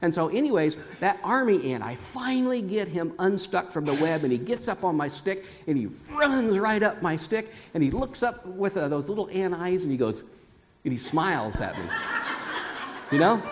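A man's voice: high-pitched, sing-song, normal speed, big-room sound, a little hiss or hum. A man preaching a sermon to his church, telling a folksy story and chuckling often. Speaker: pastor. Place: church sanctuary.

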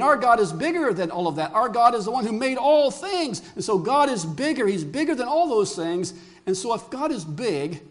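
An older man preaching a sermon to a congregation as their pastor, telling stories with animation and putting questions to the room. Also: high-pitched. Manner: animated storyteller who asks the congregation questions.

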